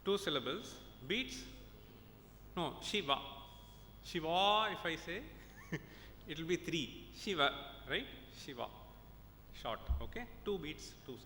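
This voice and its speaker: An Indian man gives a conference lecture as a professor, working through examples patiently and pausing to check that listeners follow. His voice is very bright and a little high. He is recorded in a reverberant hall with a faint low rumble underneath. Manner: explains step by step, checks in with "okay?" and "right?".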